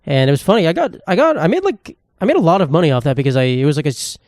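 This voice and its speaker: A man's voice: a little high, sing-song, rapid-fire, darkish tone, no room sound, clean studio sound. A man in his twenties hosting a solo podcast, rambling with crude, self-mocking humor. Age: 20s. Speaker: podcast host. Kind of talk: casual solo podcast monologue. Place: indoor room, at a table.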